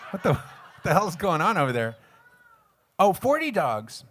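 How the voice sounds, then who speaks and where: A man's voice: high-pitched, huge pitch swings, normal speed, a bit bright, slight background noise. A singer-songwriter chatting casually with his audience between songs at a live music venue, joking, rambling and swearing offhandedly. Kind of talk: casual stage banter with the audience.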